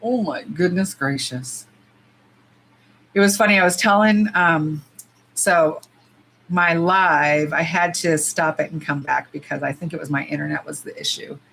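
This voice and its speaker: A woman's voice: low-pitched, steady tone, measured pace, creaky, fairly bright tone, slight background noise, rough recording. A woman from the US, chatting casually and animatedly on a nail-swatching livestream, cursing freely and saying y'all. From United States.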